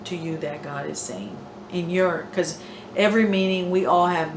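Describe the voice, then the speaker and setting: A woman in a casual faith discussion, speaking gently and reflectively. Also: on the low side, moderate pace. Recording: echoey room, faint noise.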